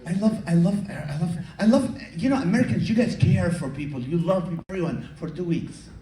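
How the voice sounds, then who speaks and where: Male stand-up comic, lively high voice, captured from far back in an echoey hall with audience noise. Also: brisk. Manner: animated, acts out characters and crowd work. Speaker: stand-up comedian. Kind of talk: stand-up comedy set. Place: comedy show venue with audience. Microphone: far camera recording from audience.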